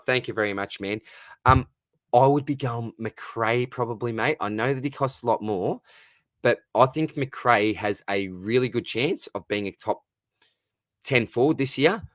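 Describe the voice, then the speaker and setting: Chatty Australian bloke, dry close mic. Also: male voice, lowish voice, fairly bright tone, no room sound. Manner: chatty, matey, calls everyone mate. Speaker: fantasy football livestream host. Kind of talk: casual live Q&A reading viewer comments.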